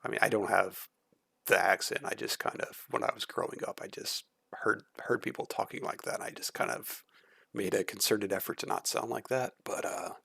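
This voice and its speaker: A man's voice: lowish voice, steady tone, moderate pace, vocal fry, bright, forceful tone, husky, no room sound. A man streaming casual reaction commentary, blunt and critical, swearing freely.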